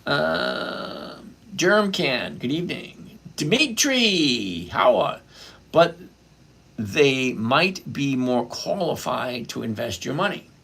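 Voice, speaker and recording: A man's voice: mid-range voice, sing-song, takes it slowly, vocal fry, a bit bright, slightly rough. A middle-aged man hosting a casual live stock-trading stream, greeting viewers by name and answering their questions. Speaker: livestream host reading chat.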